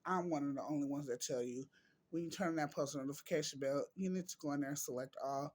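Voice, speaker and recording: A man vlogging in an emotional, heartfelt way, reading quotes and talking slowly with drawn-out words. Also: fairly high pitch. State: emotional, near tears.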